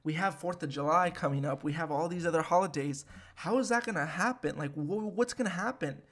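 Young man host, twenties, slightly high voice, casual profane rant, animated delivery. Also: fairly quick. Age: 20s. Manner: animated and profane, with frequent fillers. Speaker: podcast host. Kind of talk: casual ranting monologue.

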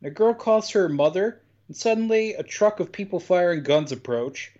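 A man casually recapping a horror film for a podcast, telling it in a lively, joking way and swearing freely. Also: moderate pace, muffled recording. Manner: animated storytelling with sudden pitch jumps, swears freely. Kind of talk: casual chat.

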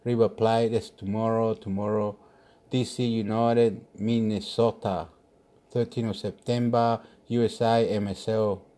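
A man's voice: fairly low pitch, level tone, unhurried, dark tone. Rambling man muttering to himself. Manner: talks to himself, mutters and swears. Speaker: vlogger giving football predictions. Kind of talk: casual rambling monologue.

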